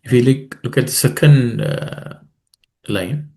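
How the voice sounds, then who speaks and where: A man leading a scripture study class, explaining the meaning and pronunciation of verses in a measured way with many fillers. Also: mid-range voice, creaky, mellow. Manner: chants Sanskrit verses quickly.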